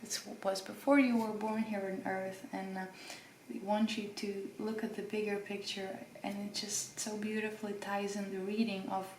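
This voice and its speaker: A woman hosting a pick-a-card tarot reading, speaking gently and reassuringly to the viewer with emotion. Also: medium pitch, little pitch movement, normal speed, reverberant, a little hiss or hum, low-quality recording. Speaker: tarot reader.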